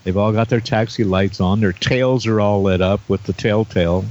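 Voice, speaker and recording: A man's voice: fairly low pitch, fairly even intonation, normal speed, a little mellow, highs cut off. A man co-hosting a podcast, making his points emphatically in casual talk. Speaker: podcast co-host. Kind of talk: casual chat.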